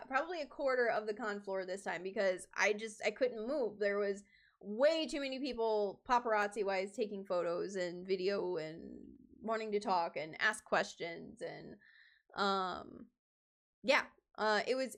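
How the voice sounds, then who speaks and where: A woman's voice: a little high, fairly bright tone. A woman cosplayer chatting casually on her stream, rambling, with many fillers and restarts.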